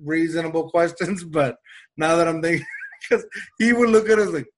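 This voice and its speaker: A man telling a story in casual chat, animated and acting out the people he quotes. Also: on the high side, moderate pace, slight background noise. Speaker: storyteller in a conversation.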